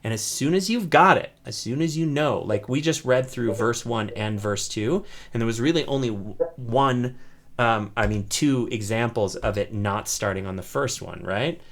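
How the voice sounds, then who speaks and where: A man's voice: mid-range voice, moderate pace. Encouraging male ukulele teacher. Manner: encouraging, explains step by step, often asks "right?". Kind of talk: teaching an online class.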